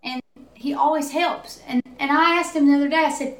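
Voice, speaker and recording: A woman's voice: high voice, steady tone, brisk. Rambling woman in an echoey room. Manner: rambling, heartfelt storytelling. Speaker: podcast guest. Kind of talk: casual chat.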